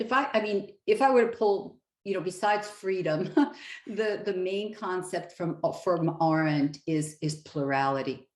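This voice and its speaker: A middle-aged woman professor answering interview questions, thinking aloud with many "you know"s. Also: fairly low pitch. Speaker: guest professor. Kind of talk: academic interview. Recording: echoey room.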